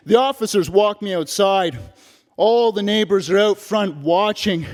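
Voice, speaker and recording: A male stage performer from Canada delivering a dramatic one-man monologue in an animated way. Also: high voice, measured pace, long reverb tail. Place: theater stage.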